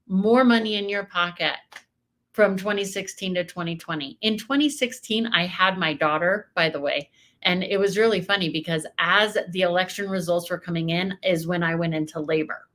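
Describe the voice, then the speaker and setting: A woman in her thirties hosting a reaction video, talking in an emphatic, animated way. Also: fairly low pitch. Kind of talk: casual commentary.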